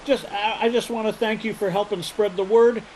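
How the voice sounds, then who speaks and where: A man talking as a guest in a casual radio interview, chatty and enthusiastic, speeding up in quick bursts. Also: high voice, fairly even intonation, darkish tone, slight background noise, low-quality recording. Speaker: guest, pirate day co-founder.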